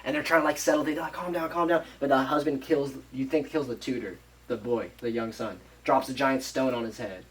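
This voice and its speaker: A man on a podcast casually retelling a movie plot, rambling and animated, acting out the characters' lines and swearing freely. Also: medium pitch, a little fast, few pauses, distant mic, rough recording. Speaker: podcast co-host.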